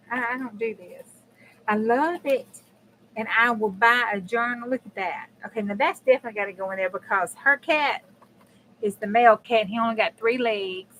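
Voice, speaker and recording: Chatty woman, high voice. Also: expressive, moderate pace, a bit bright, slight background noise, low-quality recording. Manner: chatty and blunt, swears casually, talks to viewers. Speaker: crafting channel host. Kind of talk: casual live crafting chat.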